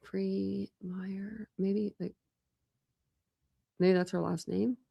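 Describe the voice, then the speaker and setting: A woman's voice: mid-range voice, flat delivery, drawn-out words, vocal fry, breathy edge, dry recording, highs cut off. A woman hosting a casual online chat, rambling and laughing as she browses videos and talks to her pets. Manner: rambling, chatty, laughs often, coos at pets. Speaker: true crime channel host.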